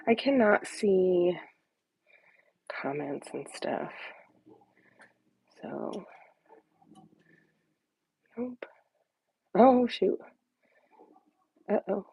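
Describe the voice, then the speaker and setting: A woman's voice: medium pitch, expressive, extremely slow, vocal fry, pauses often, mellow, slightly rough, rough recording. A woman hosting a casual crafting livestream from home into a phone or tablet mic, rambling and dropping into half-whispered asides to herself. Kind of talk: casual live-stream chat.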